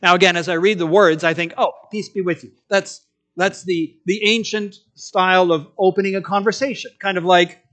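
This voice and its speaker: A man preaching a sermon, telling the story in an animated way and acting out quotes in different voices. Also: high-pitched, moderate pace.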